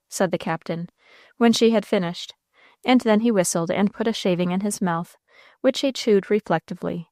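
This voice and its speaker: A woman's voice: medium pitch, moderate pace, a little mellow, no room sound. Woman reading an audiobook, dry sound. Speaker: audiobook narrator. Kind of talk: scripted narration.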